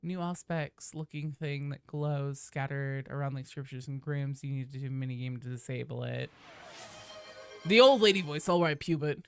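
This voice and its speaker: A woman's voice: very deep voice, normal speed, clear, resonant tone, faint music behind. A woman streaming a game and chatting loosely with her viewers, swearing often. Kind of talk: casual live-stream chat.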